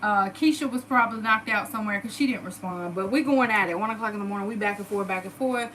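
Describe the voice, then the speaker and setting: A woman in her thirties telling a personal story in a casual, animated and profane way. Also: medium pitch, quick pace, a little hiss or hum, low-quality recording. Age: 30s. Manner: animated, profane, dramatic retelling. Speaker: storyteller vlogger.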